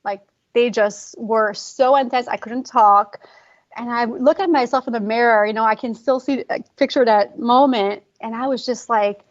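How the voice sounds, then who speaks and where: Woman telling a story fast and emotionally. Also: on the high side, steady tone, lo-fi sound. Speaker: guest, pre and postnatal fitness coach. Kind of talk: conversational podcast interview.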